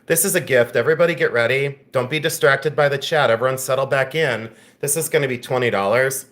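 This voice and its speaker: Talking fast in a medium-pitched, fairly bright voice, this man runs a live jewelry sales stream. He jokes with chat viewers, laughs frequently, and softens when speaking to a friend.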